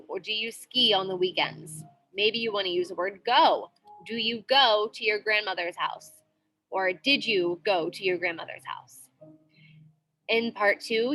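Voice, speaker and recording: A woman's voice: medium pitch, sharp tone. A woman teaching a grammar lesson in a classroom, patient and repetitive, checking in often with the students. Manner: patient, repeats with frequent "okay?" checks.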